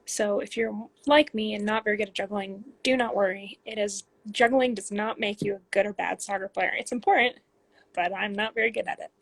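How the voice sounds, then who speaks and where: A woman's voice: medium pitch, steady tone, brisk, dry recording. A woman in her twenties from Canada, a pro soccer player reading fan questions aloud and answering them in a casual, chatty livestream on her phone.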